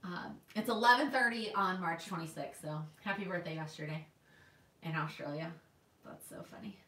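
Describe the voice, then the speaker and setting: This planner vlogger, a woman in her twenties from Texas, speaks at a normal pace in a lowish voice with a sharp tone while livestreaming from her New York home. She chats casually, reads viewer comments out loud, and keeps restarting; the distant mic picks up an echoey room.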